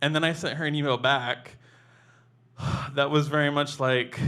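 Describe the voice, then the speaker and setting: A man with a fairly high speaking voice tells a personal story from his own life. His delivery is loose and chatty, with plenty of "like" and self-corrections. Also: fairly even intonation, measured pace, pauses often, pushed and bright, smooth. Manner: casual, conversational, with frequent "like" and restarts.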